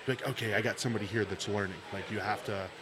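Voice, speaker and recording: A man's voice: lowish voice, steady tone, fast. A man hosting a podcast, chatting in an enthusiastic, friendly way. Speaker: podcast host. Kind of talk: casual podcast chat. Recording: crowd noise in background.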